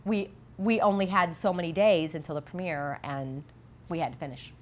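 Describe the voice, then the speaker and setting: A young actress recalls things candidly in a documentary interview. Her voice sits a little low, and she tells her stories with animation. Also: fairly quick, slight background noise.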